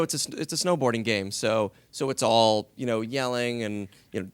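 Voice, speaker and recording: Animated man telling a story. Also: medium pitch, a little fast, clear, resonant tone, no echo, studio quality. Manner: animated anecdote, acting out quoted lines. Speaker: voice actor. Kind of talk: casual storytelling on a panel.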